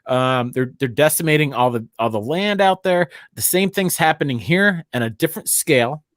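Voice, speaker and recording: An excitable man hosts a loose chat in a lively, bouncing voice. He swears and laughs often, and his sound is close and dry. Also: fairly high pitch, moderate pace, no echo. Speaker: podcast host. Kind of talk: casual chat.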